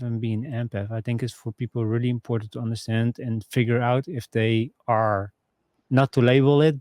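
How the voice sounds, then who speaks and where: A man hosting a podcast, asking earnest, halting questions filled with "like". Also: mid-range voice, darkish tone, no room sound. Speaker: podcast host. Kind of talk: podcast interview.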